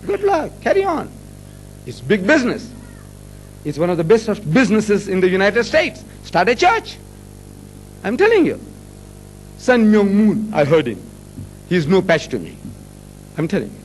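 An older man lectures a live audience, his slightly raised voice swinging up and down with lively emphasis. He talks in a rhetorical, mocking and boastful way. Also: fairly high pitch, poor audio. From South Africa. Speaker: public speaker on religion. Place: public meeting hall with an audience.

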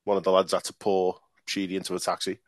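A man co-hosting a football podcast, telling a story in a relaxed, dry way with lots of ums. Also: sits low, fast talker, slight background noise. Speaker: podcast co-host. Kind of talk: casual storytelling.

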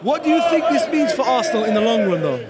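An energetic man hosting street interviews after a match, slangy and teasing. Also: very high voice, quick pace, over a noisy crowd, heavy background noise. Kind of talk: vox pop interviewing and banter. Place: outdoors near a stadium.

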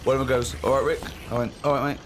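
A man's voice: medium pitch, little pitch movement, rapid-fire, a little hiss or hum. A man, host of a comedy podcast, telling a dry, wry anecdote.

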